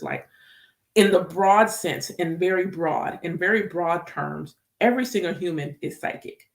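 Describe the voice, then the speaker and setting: Animated woman chatting in an echoey room. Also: lowish voice, unhurried, creaky. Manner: animated, emphatic, repeats phrases, laughs easily. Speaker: spiritual vlogger and medium. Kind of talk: casual spiritual chat to camera.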